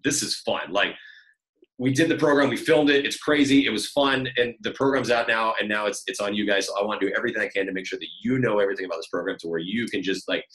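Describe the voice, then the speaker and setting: A man in his thirties talks quickly on a video call, full of "like" and "um", tossing in casual swears. His voice is bright and forward, and the room around him echoes. He sounds like a fitness trainer giving a team advice. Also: fairly low pitch. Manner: fast, filler-heavy, swears casually. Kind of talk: casual chat.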